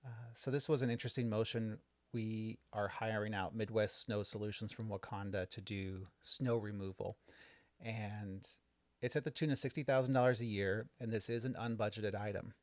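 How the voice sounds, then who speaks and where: A young adult man co-hosting a casual home podcast, explaining village board business in a relaxed way with frequent ums and restarts. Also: on the low side, normal speed, no echo. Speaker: village trustee and podcast co-host. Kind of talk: casual podcast chat recapping a board meeting.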